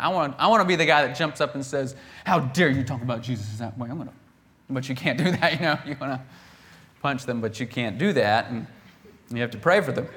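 Male preacher, mid pitch, casual sermon delivery, animated retelling with loud emphatic bursts. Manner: animated, acts out the quoted characters with bursts of volume; conversational, with laughs and restarts.

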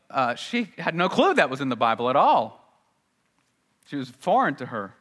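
Bright-voiced male pastor in a reverberant hall. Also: on the high side. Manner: conversational preaching, swings from hushed to loud and excited. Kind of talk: sermon.

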